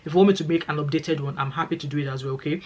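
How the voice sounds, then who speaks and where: A woman's voice: low-pitched, very fast, warm tone. A woman with a Nigerian accent, vlogging in a chatty, emphatic way, repeating phrases for stress and speaking straight to her viewers. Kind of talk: casual talking-to-camera vlog.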